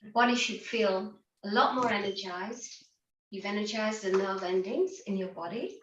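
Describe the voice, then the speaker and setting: A woman's voice: mid-range voice, normal speed, a bit bright, lo-fi sound, a little hiss or hum. A woman guiding an online laughter yoga session, upbeat and encouraging, often breaking into laughter. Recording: roomy, distant from the mic.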